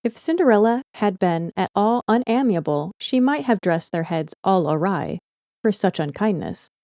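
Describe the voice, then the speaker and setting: A woman reading a fairy tale aloud in a calm, gentle audiobook narration. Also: mid-range voice, moderate pace, no echo, studio quality.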